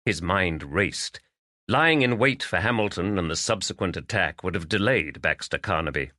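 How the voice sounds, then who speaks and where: A man narrating a mystery audiobook in a measured, expressive reading. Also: low-pitched, no echo, clean studio sound.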